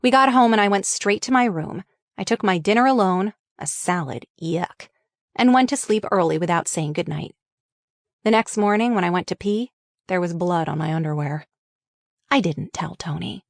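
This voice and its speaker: A woman's voice: lowish voice, moderate pace, gravelly, no echo, clean studio sound. A woman reading her own memoir aloud in a frank, wry and openly profane manner. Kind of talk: audiobook memoir narration.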